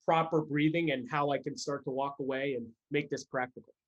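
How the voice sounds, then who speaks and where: A man's voice: medium pitch, fairly even intonation, fairly quick, highs cut off. A man hosting a casual business podcast, an eager interviewer who prompts his guest with slangy requests.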